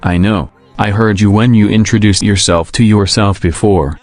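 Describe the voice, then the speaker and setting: Sarcastic storybook grasshopper, dry and teasing, man reading it in a low voice over soft music. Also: a little slow, lightly acted. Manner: deadpan, teasing. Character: wry, sarcastic male grasshopper.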